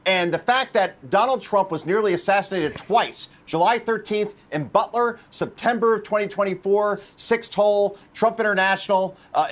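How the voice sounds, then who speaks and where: A man from New Jersey giving heated, indignant TV commentary, repeating points for emphasis. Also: sits high.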